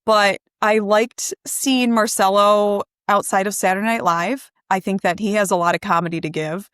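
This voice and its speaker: A woman in casual podcast chat, mid-pitched and recorded dry and close. She is chatty and playful, with plenty of casual filler. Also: steady tone, normal speed, fairly bright tone, no room sound. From Michigan. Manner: chatty, playful, easily laughing. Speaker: podcast co-host.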